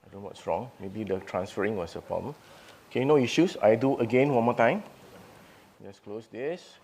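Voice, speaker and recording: A man's voice: on the low side, lively intonation, normal speed, darkish tone. A man running a live audio product demo. He thinks aloud, restarting his sentences as he works.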